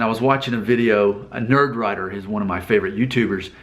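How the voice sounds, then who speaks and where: A man's voice: lowish voice, lively intonation, fairly quick, a bit bright. A man talking casually to camera in a vlog, thinking aloud with rhetorical questions and restarts. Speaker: vlogger. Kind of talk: casual talking-head commentary.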